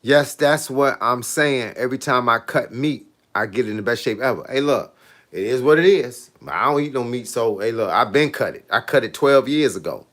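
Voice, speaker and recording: A man's voice: mid-range voice, lively intonation, normal speed, a bit bright. Laid-back man chatting on a live stream. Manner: laid-back, repeats "hey, look" and "bro", laughs often. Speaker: fitness coach on a live stream. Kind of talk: casual live-stream chat with viewers.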